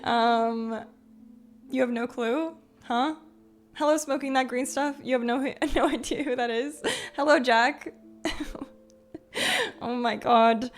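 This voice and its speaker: A young woman streaming live, chatting loosely with her chat, stringing thoughts together with "like" and "um" and breaking into giggles. Her voice sits a bit high for a woman. Soft music plays underneath her. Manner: chatty, filler-heavy, giggly, greets chat by name.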